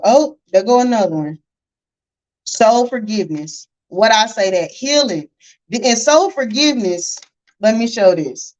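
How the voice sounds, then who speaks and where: A woman runs a spiritual healing livestream. She talks in an animated, preachy way, calling her viewers y'all and baby. The audio sounds dull and lo-fi. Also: a little high, normal speed. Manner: animated, preachy, addresses viewers as y'all and baby, reads chat comments aloud. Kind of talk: casual motivational livestream talk.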